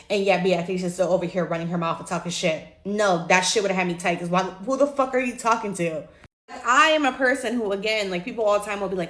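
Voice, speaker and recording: A young woman rants to camera about a reality show, giving her casual opinion in a blunt, profane, animated way and acting out what people said. Her voice is medium in pitch, she talks fast, and the sound is roomy.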